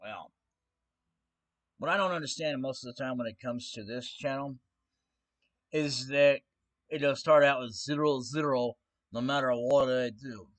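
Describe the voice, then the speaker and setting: A man's voice: medium pitch, measured pace, pauses often, fairly bright tone. A man ranting on his own stream in a casual way, sarcastic, defiant and mocking.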